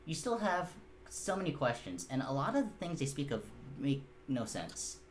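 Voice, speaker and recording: A man's voice: mid-range voice, very animated, moderate pace, a little hiss or hum. A man narrating as game master of a tabletop game, casual and rambling, with fillers and the odd swear.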